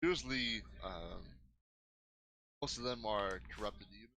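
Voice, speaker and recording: Male tabletop game master, low bright voice, hesitant narration. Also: a little slow, a little hiss or hum, rough recording. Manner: hesitant, many fillers and restarts. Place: home streaming setup.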